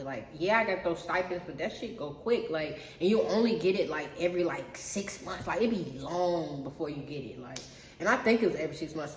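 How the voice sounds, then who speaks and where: A woman's voice: fairly low pitch, a little hiss or hum. A young adult woman telling a personal story in a casual, profane monologue, often speaking straight to her viewers. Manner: chatty, profane, keeps addressing viewers as y'all. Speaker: storyteller vlogger. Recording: roomy echo.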